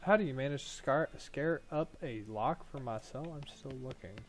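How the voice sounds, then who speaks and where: A man's voice: medium pitch, normal speed. A young man playing a game on video and reading its text aloud, with jokey, rambling asides. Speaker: gaming video host.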